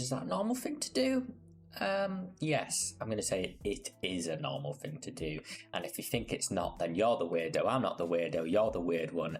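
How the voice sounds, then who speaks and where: A man giving casual gameplay commentary as a gaming creator, playful, rambling and self-mocking. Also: low voice.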